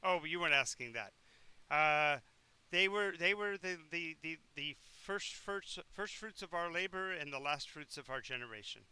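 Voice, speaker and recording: Playing a scheming lich with grand ambitions, this man alternates between theatrical villain proclamations and embarrassed retreats. The sound is clean with no echo, his pitch fairly high, intonation lively, speed normal, and his tone bright, forceful and smooth.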